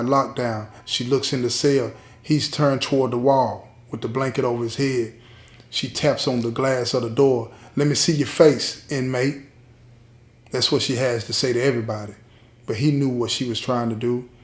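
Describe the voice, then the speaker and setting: A man telling a prison love story in a plain, street-style way, with drawn-out pauses. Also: mid-range voice. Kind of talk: spoken storytelling. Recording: roomy echo.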